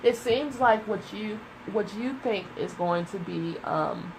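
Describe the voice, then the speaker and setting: A woman's voice: medium pitch, slow, background noise. A woman giving a casual tarot reading, emotional and searching, close to tears and hesitating often. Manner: emotional, searching, with many fillers. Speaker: tarot reader.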